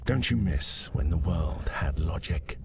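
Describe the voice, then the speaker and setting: A man voicing a brooding, philosophical narrator in a video game, speaking in a slow, measured way. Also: sits low, animated, gravelly, very noisy, exaggerated voice. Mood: musing. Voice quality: measured, slow, musing delivery. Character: brooding adult male narrator, probing and philosophical. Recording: voice under loud game ambience.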